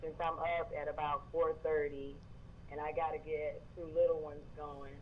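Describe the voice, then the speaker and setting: A man's voice: fairly high pitch, level tone, moderate pace, narrow, tinny audio, a little hiss or hum. A man from Georgia with a Southern accent, calling into a show and chatting in a friendly, rambling way. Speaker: caller. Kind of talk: phone-in conversation.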